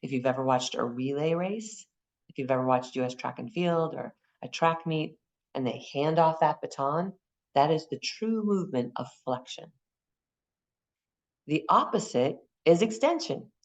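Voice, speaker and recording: A woman runs an anatomy class for massage exam prep, with a gravelly, fry-edged voice. She talks in a lively way, repeats the key terms and spells out memory aids as she teaches. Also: deep voice, normal speed.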